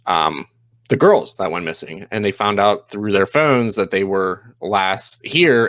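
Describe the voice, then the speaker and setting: A man casually recapping a TV episode, rambling, with lots of fillers and quick quoted lines. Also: deep voice, fairly bright tone, dry recording.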